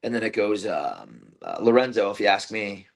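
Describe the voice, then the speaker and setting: A man's voice: on the low side, big pitch swings, normal speed, gravelly. A man who is a bare-knuckle fighter, talking in a casual post-fight interview with intense, profane trash talk, lots of fillers and restarts.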